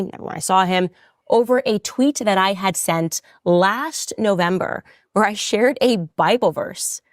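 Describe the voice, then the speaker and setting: A woman's voice: medium pitch, dry recording, clean studio sound. A woman in a played clip, arguing her case indignantly with pointed rhetorical questions. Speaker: commentator defending herself.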